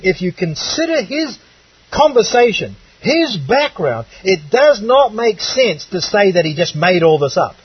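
Male preacher from abroad, high husky voice, lively and emphatic sermon, dull dry recording. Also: dry recording, distant mic. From outside the United States. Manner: animated, rhetorical questions, emphatic. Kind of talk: sermon on a Bible passage.

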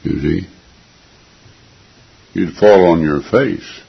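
In a sermon, a man preaches slowly and deliberately with a very deep, gravelly, raspy voice. He's earnest and emphatic, repeating key phrases to give them weight, and the recording is dull and lo-fi.

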